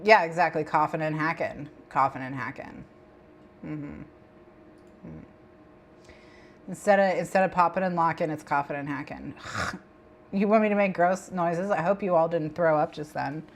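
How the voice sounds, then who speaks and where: A woman's voice: sits low, normal speed, pauses often. A woman hosting a co-working stream, chatting with viewers and her cat, giggling and repeating herself. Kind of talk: casual stream chat.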